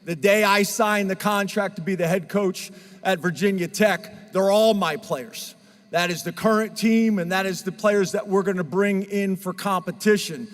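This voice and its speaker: A man with a high, bright-edged speaking voice gives an earnest, emotional press conference address, stumbling into restarts and fillers now and then. His voice rings out with a long reverb tail, as if in a large hall. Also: steady tone, moderate pace. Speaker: head football coach.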